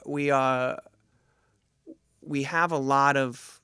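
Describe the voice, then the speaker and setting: A man's voice: medium pitch, steady tone, drawn-out words, pushed and bright, clean tone, dry recording, studio quality. A man from New Jersey, a gym owner and jiu jitsu coach, talking reflectively as a podcast guest. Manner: reflective, thoughtful, with many fillers. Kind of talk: casual conversation.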